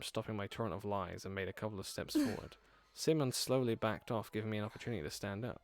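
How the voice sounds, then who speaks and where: Man, low voice, streamer reading a visual novel, dramatic, laughing asides, faint music. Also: fast talker, hardly any pauses. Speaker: gaming streamer.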